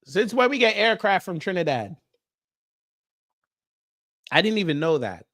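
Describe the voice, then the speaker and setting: A commentary streamer hosts a casual reaction stream, working down a list while joking and talking straight to his viewers. His voice is high and sing-song, unhurried, with a fairly bright tone.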